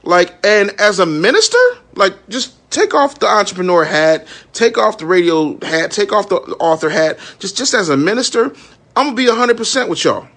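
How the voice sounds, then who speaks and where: A man in his thirties with a high, tense, bright voice speaks in a raw live-stream monologue. He is frank and emotional and curses freely. He keeps checking that his audience is with him. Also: lively intonation, moderate pace. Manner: raw, frank and emotional, with profanity and many "you know what I'm saying". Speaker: minister and entrepreneur.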